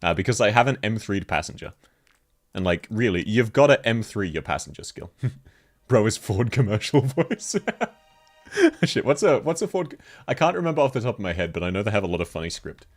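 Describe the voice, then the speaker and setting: A man's voice: lowish voice, big pitch swings, fairly quick. A man with a cold, chatting casually on a livestream, reading chat and laughing often. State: sick with a cold. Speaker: VTuber streamer.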